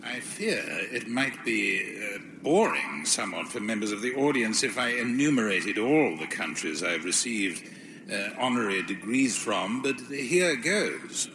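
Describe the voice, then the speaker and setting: A man's voice: lowish voice, big pitch swings, unhurried, sharp tone, big-room sound, slight background noise, heavily acted. An actor playing a pompous, self-important male scholar who makes grandiose speeches in a sitcom. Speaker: visiting academic speaker. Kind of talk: sitcom acting.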